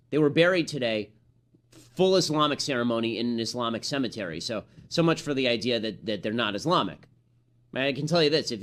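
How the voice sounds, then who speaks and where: A man giving a rapid, combative and sarcastic political commentary monologue, often restarting his phrases. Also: medium pitch, fairly bright tone.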